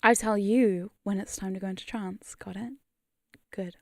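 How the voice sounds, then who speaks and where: Hushed commanding dom, British accent, a woman playing it in whispered role-play, dry close sound. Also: steady tone, creaky, no room sound, lightly acted. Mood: stern. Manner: low, slow, commanding. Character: stern quietly controlling dominant woman.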